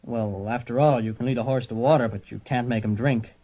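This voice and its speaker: A man's voice: mid-range voice, fairly even intonation, fairly quick, dark tone, natural voice. A man narrating and playing a bumbling, wisecracking private detective in a radio comedy. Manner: breezy, punning, self-satisfied. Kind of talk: comic radio narration and acting. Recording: dull lo-fi old radio recording.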